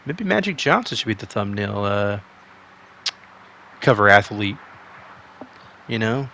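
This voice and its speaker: Excitable male play-by-play gamer. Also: fairly low pitch, measured pace, gravelly, slight background noise. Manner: excitable, rambling, rises sharply on big plays. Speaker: game commentator. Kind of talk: casual play-by-play commentary.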